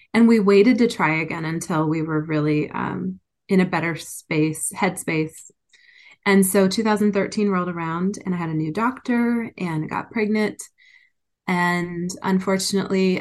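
A woman being interviewed, telling a personal story candidly and with emotion. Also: fairly low pitch. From United States. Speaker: interview guest.

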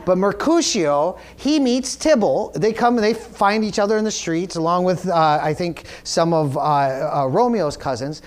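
A man preaching a sermon as pastor, retelling a story loosely with many fillers and restarts, then rising higher and louder as he drives his point home. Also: animated, moderate pace, hardly any pauses.

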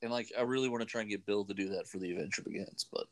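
A man's voice: lowish voice, rapid-fire. A man hosting a radio show, rambling casually with many fillers. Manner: rambling, chatty, lots of fillers. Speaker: radio host. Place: radio studio.

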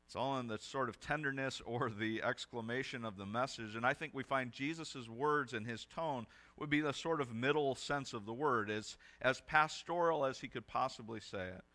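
A man's voice: medium pitch, moderate pace, few pauses, pushed and bright. A young adult male pastor giving a sermon in a conversational, storytelling way with casual fillers.

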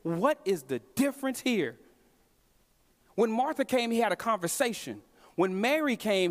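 Man, very high voice, impassioned sermon, long hall reverb. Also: sing-song, measured pace. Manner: impassioned preaching, swinging from hushed to emphatic calls. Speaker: pastor. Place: church sanctuary.

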